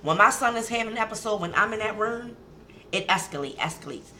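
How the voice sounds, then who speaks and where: A woman's voice: mid-range voice, lively intonation, a little fast, bright, forceful tone, a little hiss or hum. A woman with a Baltimore accent, co-hosting a casual radio talk show and repeating key phrases for emphasis.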